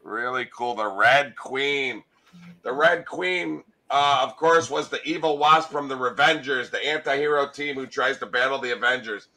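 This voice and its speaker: A man working as a comic art dealer, giving an enthusiastic sales pitch. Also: normal speed, bright, forceful tone, low-quality recording.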